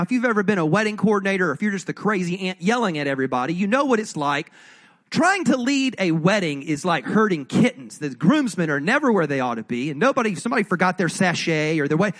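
A man's voice: high voice, a bit bright. A male pastor giving a sermon in a conversational, jokey way, often asking the audience questions.

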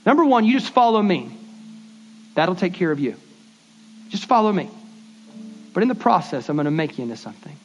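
High-voiced casual pastor preaching. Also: male voice, very animated, soft background music. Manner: conversational, repeats words, acts out quick dialogues. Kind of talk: casual sermon. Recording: dull lo-fi sermon audio.

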